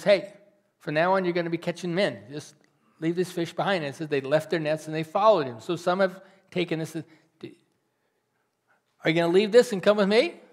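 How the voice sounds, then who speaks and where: A man preaching a sermon as a pastor, earnest and pleading, swinging between loud rises and soft, almost whispered drops. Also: high-pitched.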